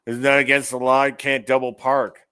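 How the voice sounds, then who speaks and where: A man's voice: mid-range voice, flat delivery, fairly quick, sharp tone, clean tone, no echo. A man hosting an online commentary show, ranting angrily about news clips with profanity and sarcasm. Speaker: show host.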